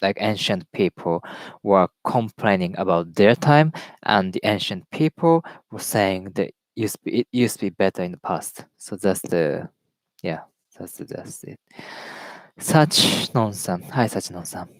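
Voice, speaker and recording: Man reading aloud haltingly in English. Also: deep voice, lively intonation, dry recording. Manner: reads aloud haltingly, repeats words, greets viewers. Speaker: live stream host. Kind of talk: casual reading and commentary.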